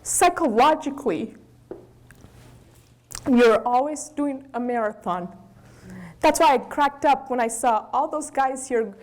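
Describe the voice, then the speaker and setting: Animated Brazilian woman, high voice. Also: measured pace, long pauses. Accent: Brazilian Portuguese. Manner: animated, candid storytelling with acted quotes. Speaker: guest lecturer, business owner. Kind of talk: lecture to students.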